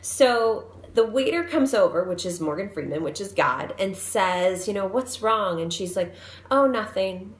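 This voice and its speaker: A woman's voice: lowish voice, lively intonation, moderate pace, hardly any pauses, reverberant. A woman in her thirties, a fitness coach and mom, chatting openly and a bit rambling about feeling stressed. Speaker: fitness coach and personal trainer. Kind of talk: casual talk to camera.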